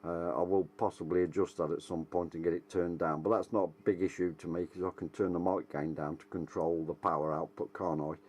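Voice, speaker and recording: Man, radio hobbyist, easygoing chat, lower register. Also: steady tone, a little fast, few pauses, darkish tone, a little hiss or hum. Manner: chatty, jokey, self-deprecating. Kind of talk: casual chat over radio and to camera.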